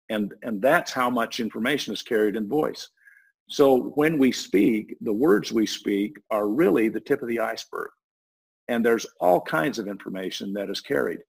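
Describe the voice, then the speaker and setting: Husky guy rambling through an explanation, trips over his words a lot. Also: medium pitch, rough recording. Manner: rambling, restarts and stumbles often. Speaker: guest explaining a voice technology. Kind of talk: casual explanatory talk.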